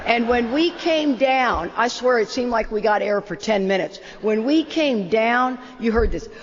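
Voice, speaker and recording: An older woman, an animated and self-deprecating storyteller, telling a long personal story as the opening speaker of a talk. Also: a little high, measured pace. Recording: muffled roomy hall.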